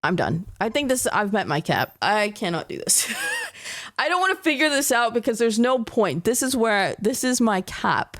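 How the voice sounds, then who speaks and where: A woman's voice: mid-range voice, sing-song, moderate pace. A young woman streaming a horror game, exasperated and sarcastic, talking to her chat. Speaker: gaming streamer. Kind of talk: let's-play commentary.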